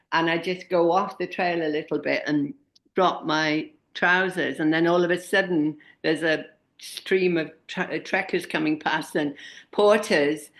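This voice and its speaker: Gravelly low-voiced woman in her sixties. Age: 60s. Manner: animated anecdotes, laughing at herself often. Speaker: interview guest, speaker and expedition leader. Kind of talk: casual interview storytelling.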